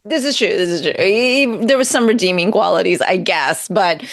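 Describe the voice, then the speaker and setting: A woman's voice: medium pitch, normal speed. A woman hosting a podcast interview, laughing often and asking long, rambling questions in a casual way. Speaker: podcast host.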